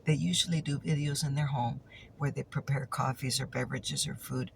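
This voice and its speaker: Gravelly-voiced woman in ASMR storytime chat. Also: rumbling low, steady tone, fairly quick, slight background noise. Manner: chatty and teasing, repeats punchlines, drifts into whispers.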